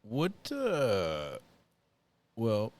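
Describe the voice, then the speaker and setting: A low-voiced man rambling through a story on a podcast, swearing and losing his thread. His voice sits deep and easy. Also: wildly swooping pitch, extremely slow, a little mellow, no room sound. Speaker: podcast co-host. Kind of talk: casual chat.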